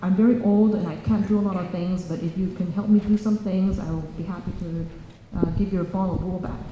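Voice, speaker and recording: A woman's voice: on the low side, fairly even intonation, brisk, muffled recording, background noise, close to an everyday voice. A woman voicing a grimy old woman who gives plain, matter-of-fact instructions, in a children's story told in an echoey church hall.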